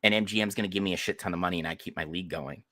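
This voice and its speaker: Low forceful man hosting a podcast. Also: very fast, dry recording. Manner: forceful, sarcastic asides. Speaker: podcast host. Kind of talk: casual sports chat.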